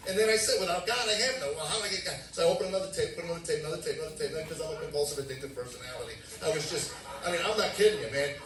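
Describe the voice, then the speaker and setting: A man in his forties tells his testimony from the pulpit, acting out old conversations and jumping into sudden loud bursts. He talks fast, in a voice of middle pitch. The sound is roomy and echoey, picked up from some distance. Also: music in the background. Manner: animated storytelling, acting out dialogue with sudden loud outbursts. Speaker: preacher giving testimony. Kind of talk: sermon testimony. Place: church sanctuary. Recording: echoey room, mic at a distance.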